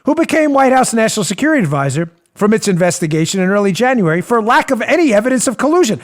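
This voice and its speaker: High-voiced sarcastic talk show man. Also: animated, quick pace. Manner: sarcastic, mocking, acts out scenes. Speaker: political talk show host. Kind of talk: animated political commentary.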